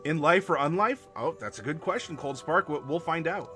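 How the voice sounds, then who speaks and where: A man hosting a live tabletop worldbuilding stream, chatting to viewers and halting over fillers as he spells out dice commands. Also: a little high, expressive, bright, forceful tone, faint music behind. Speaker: game master and stream host.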